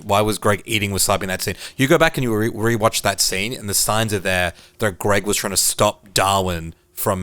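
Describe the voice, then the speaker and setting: A man's voice: sits low, bright, forceful tone, no echo. A man co-hosting a television recap podcast in an enthusiastic casual chat, chuckling often. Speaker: podcast co-host.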